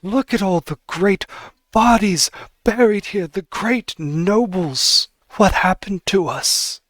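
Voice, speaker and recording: A man voicing the ghost of a proud old noble who slowly laments his fallen house. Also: high voice, a bit bright, no echo, voice pushed up. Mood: mournful. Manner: slow, lamenting.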